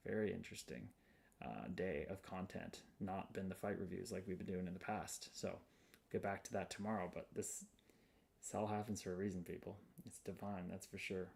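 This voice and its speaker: A man's voice: sits low, steady tone, a little fast, gravelly, darkish tone. A man hosting a casual livestream, greeting viewers by name and reading their comments in an upbeat, spiritual way. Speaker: livestream host.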